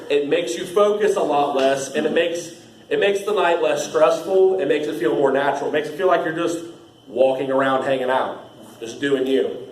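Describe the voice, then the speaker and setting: A young man, casually training new staff, rambling, laughing often and using lots of fillers. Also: a little high. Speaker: haunt trail actor training new staff. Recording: echoey room with faint ambient noise.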